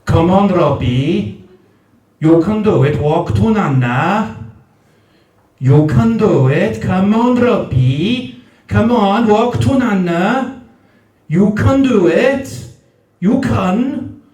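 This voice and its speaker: A man putting on an older grandmother from Newport, South Wales, coaxing a baby to walk with drawn-out, mangled vowels. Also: sits high, lively intonation, darkish tone. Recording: roomy live venue, mic at a distance.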